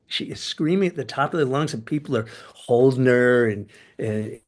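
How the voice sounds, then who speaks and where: An older man, a podcast guest, telling personal stories in a casual interview, with sudden leaps in pitch and loudness as he gets into them. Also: normal speed, few pauses. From United States. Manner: animated storyteller, sudden jumps in pitch and loudness.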